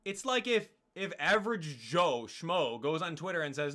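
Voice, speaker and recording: A man's voice: on the high side, animated, normal speed, few pauses, a bit bright. A young man streaming live, ranting in an exasperated, heated way and talking straight to his chat. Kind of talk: casual live-stream rant.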